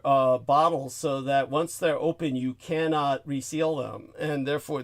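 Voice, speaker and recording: A man hosting a casual talk show, telling long rambling stories with many restarts. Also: on the high side. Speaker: podcast host. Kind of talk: casual chat.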